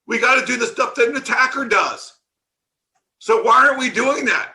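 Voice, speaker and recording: A man giving a conference security talk, animated and sarcastic, ranting at the audience from the stage. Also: extremely high pitch, moderate pace, creaky. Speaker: conference speaker.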